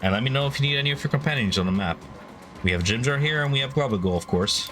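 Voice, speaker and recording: A man's voice: mid-range voice, animated, rapid-fire, fairly bright tone, low-quality recording. A man narrating a tabletop game as game master in a casual way, filling his speech with "like" and "uh". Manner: casual, many fillers like "like" and "uh". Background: faint music.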